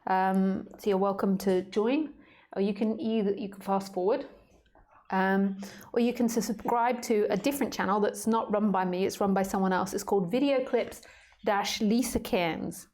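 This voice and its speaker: A woman's voice: mid-range voice, steady tone, moderate pace, darkish tone. A woman hosting a casual live stream from home, playful and chatty with many fillers. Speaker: live stream host and spiritual teacher.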